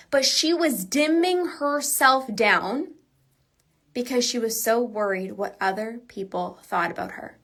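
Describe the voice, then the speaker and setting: A female binge eating coach records a monologue for her podcast, her voice on the high side, animated and a bit bright, at a measured pace. She sounds earnest and forceful while staying casual, with frequent "like"s.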